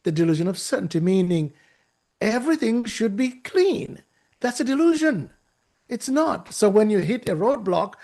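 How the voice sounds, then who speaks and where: A man from Uganda giving a lively, preacher-like motivational talk, often repeating his phrases. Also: high voice, normal speed. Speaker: speaker at a youth talk.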